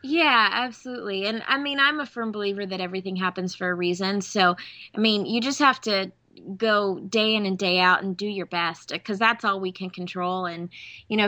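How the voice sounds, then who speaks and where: A young woman from the American South, a voice actress telling an animated story in an interview and laughing often. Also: medium pitch, dry recording. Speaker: voice actress guest.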